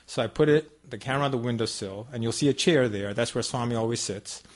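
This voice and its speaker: Speaking quickly at a medium pitch, a man addresses an audience as a guest speaker at a devotional center. His personal story rambles in a conversational way, with asides scattered throughout.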